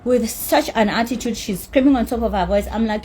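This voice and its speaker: A woman's voice: a little high, a little fast, hardly any pauses, darkish tone, breathy edge. A woman telling a story about a dispute in an angry rant, heated and emphatic, with swearing. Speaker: celebrity recounting a dispute.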